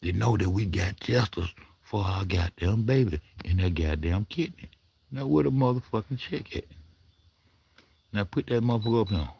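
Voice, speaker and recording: Gravelly husky man ranting at a video. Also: on the low side, lively intonation, normal speed, darkish tone. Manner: rambling, coarse, talks back at the screen. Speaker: commentary vlogger. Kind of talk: profane reaction commentary.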